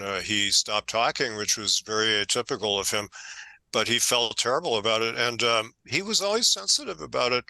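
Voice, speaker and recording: An older man, an author being interviewed, telling stories in a conversational, animated way and growing emphatic when indignant. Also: medium pitch, dry recording, low-quality recording. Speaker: author guest.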